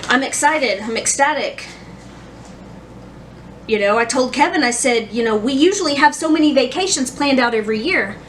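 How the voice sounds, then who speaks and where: A woman in her thirties talks through her story in a casual, rambling vlog, circling back on herself with restarts and ums. Her voice sits a little high. She is a bit far from the mic, with faint noise behind her. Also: animated, moderate pace, fairly bright tone. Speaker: vlogger.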